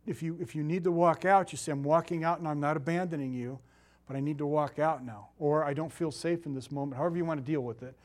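Animated conversational male preacher. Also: a little high, fast talker. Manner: conversational, animated, frequent laughs and asides. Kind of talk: sermon.

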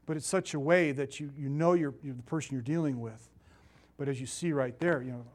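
A middle-aged man preaching a sermon in a conversational, animated way, with asides and laughter. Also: medium pitch, fairly quick.

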